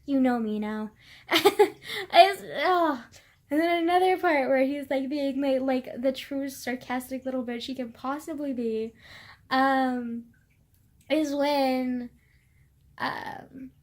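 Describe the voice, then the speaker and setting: A young woman talks through a book review in a high-pitched voice. Her casual, rambling chat is packed with "like" and frequent swearing. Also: steady tone, slow. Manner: rambling, heavy filler "like", swears often.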